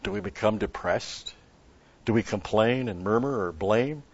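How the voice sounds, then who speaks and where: A man's voice: fairly low pitch, a little slow, husky, dry recording, highs cut off. A man preaching a sermon, telling a story and asking rhetorical questions with an occasional chuckle.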